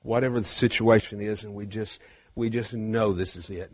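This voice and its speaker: Husky-voiced man preaching fervently. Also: on the low side, steady tone, normal speed, no room sound. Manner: swings from hushed to loud and fervent. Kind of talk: sermon.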